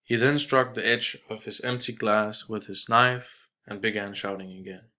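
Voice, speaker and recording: A man reading a short story aloud in a measured way, with small restarts. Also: on the low side, fairly even intonation, pushed and bright. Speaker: reader.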